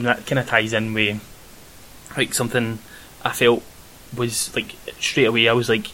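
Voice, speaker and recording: A young Scottish man with a bright, forward voice talks casually through a film review, wandering and hesitant with plenty of ums. A faint hiss sits under the recording. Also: mid-range voice, low-quality recording. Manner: rambling, hesitant, many ums. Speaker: podcast co-host.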